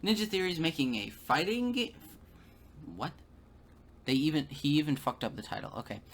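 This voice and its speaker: A man gives sarcastic video commentary, stammering and repeating words. His fairly high, fairly bright voice swings widely in pitch at a moderate pace, over slight background noise.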